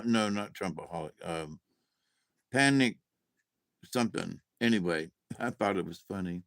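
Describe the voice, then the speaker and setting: Slow, rambling man chatting on camera. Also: on the low side, a bit bright, no room sound. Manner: loses his train of thought, chuckles, swears offhandedly. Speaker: vlogger. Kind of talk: rambling casual monologue.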